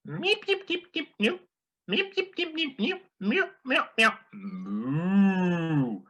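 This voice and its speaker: A man's voice: big pitch swings, slow pace, bright, forceful tone, dull audio, exaggerated voice. A man voicing a babbling alien from outer space that speaks only in meeps and meows. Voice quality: squeaky high meeping.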